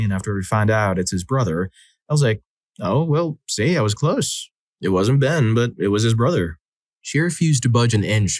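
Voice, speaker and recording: A man narrating short stories in scripted style, his voice sitting fairly low. The sound is dry, with no room around it. He lifts his voice for the quoted lines. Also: no echo. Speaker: story narrator.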